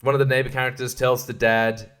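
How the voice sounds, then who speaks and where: A man's voice: mid-range voice, flat delivery, quick pace, a bit bright, clear, resonant tone. A young man hosting a podcast, rambling through a film review with sarcasm and frequent laughs. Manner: rambling, sarcastic, laughs often, does mocking voices. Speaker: podcast host reviewing films. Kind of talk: casual film review monologue.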